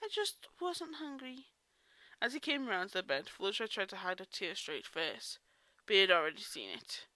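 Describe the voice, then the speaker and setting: A woman's voice: fairly low pitch, very animated, a little fast, bright, forceful tone, dry recording. Chatty woman reading a story aloud. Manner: chatty asides, self-interrupting. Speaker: reader of fan fiction. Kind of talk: casual storybook read-aloud.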